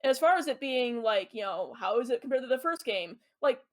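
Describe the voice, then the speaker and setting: Co-host, woman, slightly high voice, chatty explainer, lots of ums. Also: expressive, fairly quick. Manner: explains at length with many ums and uhs. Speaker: podcast co-host. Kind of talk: casual chat about a video game.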